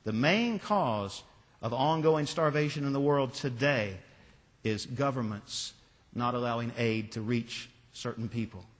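A pastor preaches a sermon in a church, telling a story and driving his points home with emphatic repetition. His voice is mid-range and his pace measured, with the long reverb of a large hall around him.

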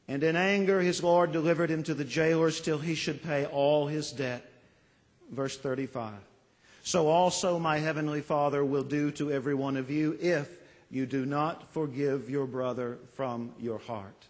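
A man preaching a sermon as pastor, slow and emphatic, with dramatic pauses and phrases that trail off softly. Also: on the high side, long reverb tail. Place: church.

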